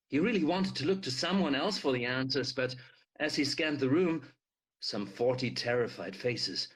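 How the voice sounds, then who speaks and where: A man reading a novel chapter aloud with expressive delivery. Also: mid-range voice, breathy edge. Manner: expressive read-aloud with shouted dialogue. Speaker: reader.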